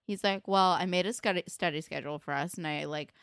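A woman's voice: fairly low pitch, fairly quick, a bit bright, clear, resonant tone, dry recording, clean studio sound. A young woman co-hosting a podcast, chatting casually as she recaps a TV episode with many fillers. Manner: chatty, filler-heavy, acts out quotes. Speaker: podcast co-host.

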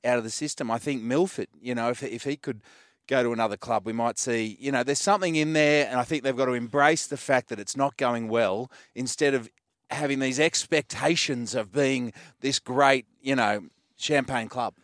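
A man's voice: mid-range voice, normal speed, dry recording, clean studio sound. A man chatting casually as a sports radio panelist, joking and ranting with energy. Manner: joking, animated rants. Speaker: radio panelist, ex-player turned actor.

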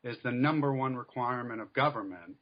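A man being interviewed as an author, who explains things in a measured way with many fillers. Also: mid-range voice, lo-fi sound. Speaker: author and scholar guest. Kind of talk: academic interview.

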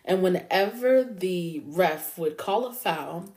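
Chatty true-crime woman, low mellow voice. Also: animated, slow pace. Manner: chatty, addresses listeners as y'all, swears freely. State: up late at 3 a.m. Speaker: podcast host. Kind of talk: casual true-crime storytelling.

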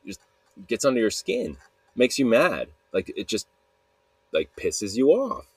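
A man's voice: mid-range voice, huge pitch swings, a little slow, darkish tone, slightly rough, no echo. A man hosting a podcast, retelling a story in a loose, rambling way, full of restarts and fillers. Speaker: podcast host.

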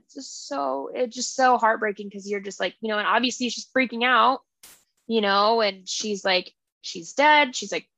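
A woman's voice: high-pitched, pushed and bright, no room sound, poor audio. A woman hosting a book club podcast, casually retelling a plot in a rambling, filler-heavy way.

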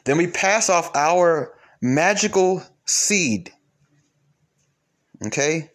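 A man giving a preachy monologue to his viewers, emphatic, swinging between loud and low.

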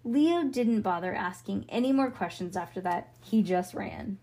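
A woman's voice: mid-range voice, normal speed, mellow. A woman reading a children's book aloud in a casual way, with slips and self-corrections. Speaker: storybook reader.

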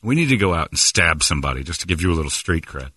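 A man hosts a morning radio show, his speech lively and full of swings in pitch. His tone is bright and forward. He slips into mock accents for laughs, recorded close and dry in the studio. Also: racing, husky, dry recording. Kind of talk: casual morning radio banter.

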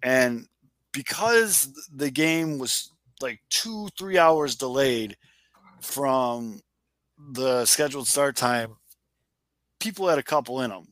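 Animated podcast host, dry sound. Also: male voice, medium pitch, slow, no echo. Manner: animated, swears, laughs while telling stories. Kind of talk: casual sports chat.

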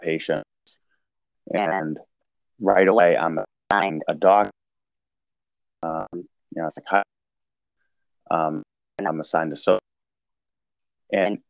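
A man with a very low, gravelly voice tells his story in a slow, halting way, full of fillers and restarts. The recording is dry and a little dull. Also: steady tone, no echo. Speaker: podcast guest sharing recovery story. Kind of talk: casual conversational storytelling.

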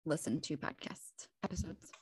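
A woman's voice: low voice, expressive, normal speed, darkish tone, slight background noise, poor audio. A woman co-hosting a casual podcast as a counselor, blunt and freely swearing. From Wisconsin.

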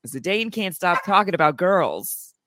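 A man co-hosting a podcast, chiming in with quick comments during a game recap. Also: high voice, sing-song, sharp tone, no echo, clean studio sound. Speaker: podcast co-host. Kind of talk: casual game recap chat.

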